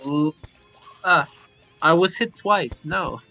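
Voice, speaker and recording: A man's voice: on the high side, slow, vocal fry, bright, forceful tone, faint music behind. A man playing a video game with a friend, teasing and playful in casual chat. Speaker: co-player.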